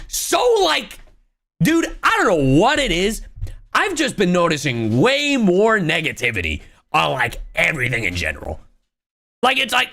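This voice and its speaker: A young woman ranting on her live stream, exasperated and full of profanity. Her pitch leaps all over the place, from low mutters to high yelps. She keeps breaking off to answer her chat and thank her subscribers. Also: huge pitch swings, gravelly, a bit bright. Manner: exasperated, swearing, rapid-fire ranting.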